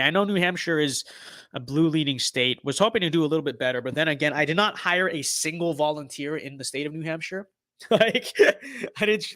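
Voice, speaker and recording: A man's voice: on the high side, dry recording, clean studio sound. Sarcastic young man streaming a game. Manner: sarcastic, swings from muttering to excited outbursts. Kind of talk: casual gameplay commentary.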